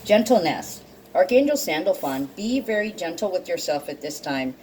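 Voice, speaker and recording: A woman with a lowish voice reads oracle cards in a casual chat to her viewers, getting teary and sniffling as she goes. She laughs easily and swears freely, and a faint hum of room noise sits under her voice. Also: very animated, moderate pace, a little mellow, rough recording. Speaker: intuitive card reader. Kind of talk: casual tarot card reading.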